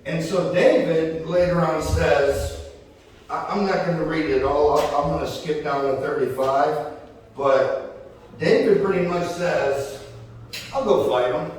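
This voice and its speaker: A man's voice: fairly high pitch, fairly even intonation, slow, slight background noise. A male preacher reading scripture aloud and retelling it in casual, everyday paraphrase, acting out the characters' lines. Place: church sanctuary. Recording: echoey church hall, distant mic.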